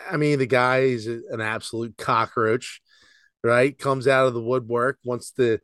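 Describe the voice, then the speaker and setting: A man's voice: medium pitch, normal speed, no room sound, clean studio sound. A man co-hosting a casual sports podcast, ranting with plenty of swearing. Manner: animated, profane sports ranting. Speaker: podcast co-host. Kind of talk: casual chat.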